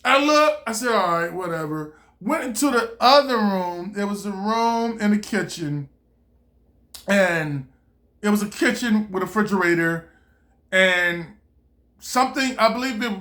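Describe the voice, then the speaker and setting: A woman vlogger telling a casual story in an animated way, breaking into laughter and loud exclamations. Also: medium pitch, normal speed.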